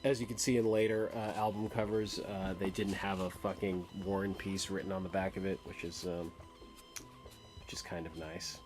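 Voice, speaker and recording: A man's voice: low-pitched, flat delivery, normal speed, a little mellow, faint music behind. A man hosting his own record collection vlog, rambling in casual, crude, joking chat that trails off into mumbles.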